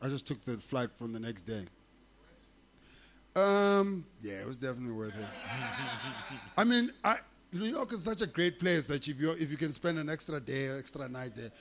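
A comedian, a guest telling an animated, profane story in casual chat, laughing often. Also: male voice, medium pitch, moderate pace. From South Africa.

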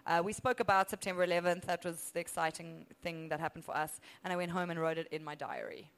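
A South African woman in her thirties, a comedian telling a story in a casual, animated way and laughing often. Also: on the low side, fast, rough recording. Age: 30s. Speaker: comedian guest. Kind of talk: storytelling chat.

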